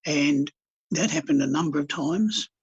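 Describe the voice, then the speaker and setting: Gravelly, husky man. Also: a little high, unhurried. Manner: calm, earnest storytelling with blunt colloquial words. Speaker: counsellor and healer guest. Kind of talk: conversational podcast interview. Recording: dull lo-fi podcast audio.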